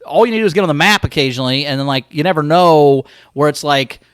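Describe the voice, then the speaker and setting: A man co-hosting a comedy podcast, telling stories in an animated, profane, casual way. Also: a little high, quick pace, clear, resonant tone, no echo, clean studio sound.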